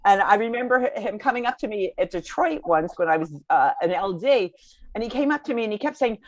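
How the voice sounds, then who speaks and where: A woman guest in a casual chat, telling animated stories with a lot of laughter and some hesitant fillers. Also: medium pitch, fast, no echo.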